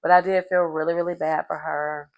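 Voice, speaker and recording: A woman giving a sassy, animated casual recap of a reality show, calling her listeners "baby" and "honey" and laughing as she goes. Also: low-pitched, a little fast, creaky, muffled recording. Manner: sassy, animated storytelling with terms of endearment; laughs mid-sentence.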